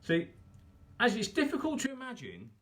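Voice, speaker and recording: A man's voice: extremely high pitch, huge pitch swings, moderate pace, fairly bright tone. A man hosting a live cook-along, chatting casually and poking fun at himself as he talks viewers through each step. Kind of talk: casual live cooking demo.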